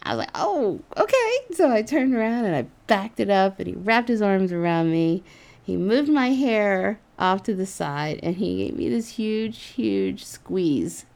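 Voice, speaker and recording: A woman recounts a personal story in a relaxed, chatty way. She giggles often and keeps dropping fillers like "like" and "you know". Her pitch sits right in the middle. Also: unhurried, gravelly. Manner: animated, giggly, with frequent fillers like "like".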